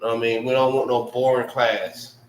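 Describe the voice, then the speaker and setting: A man's voice: mid-range voice, flat delivery, normal speed, roomy sound, far from the mic, slight background noise, rough recording. A man teaching a casual language lesson, spelling out sounds and often checking in with "right?".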